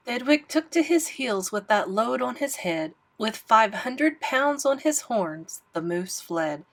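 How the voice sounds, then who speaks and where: A woman reading a rhyming picture book aloud in an expressive, sing-song manner. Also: fairly high pitch, slow, few pauses. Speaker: storybook reader.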